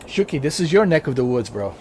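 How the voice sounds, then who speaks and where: A man's voice: on the high side, big pitch swings, fast talker, a little mellow, a little hiss or hum. Joking Slavic-accented man streaming a game. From Slavic country. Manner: joking, rambling, lots of fillers. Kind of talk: casual gameplay livestream commentary. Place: living in America.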